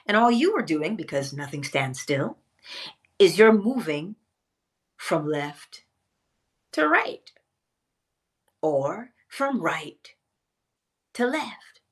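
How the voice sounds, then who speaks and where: A woman teaching a spiritual lesson in a theatrical way, pausing often and dropping to a whisper for emphasis. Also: fairly low pitch, very animated, breathy edge.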